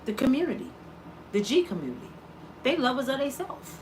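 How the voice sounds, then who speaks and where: A middle-aged woman talks straight to her viewers in an impassioned vlog monologue, preaching with pointed rhetorical questions in casual, everyday speech. Her voice sits fairly high, bright and ringing, and swings widely up and down. A faint hiss of noise lies under it. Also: sing-song, fast. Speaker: mother of an inmate, vlogger.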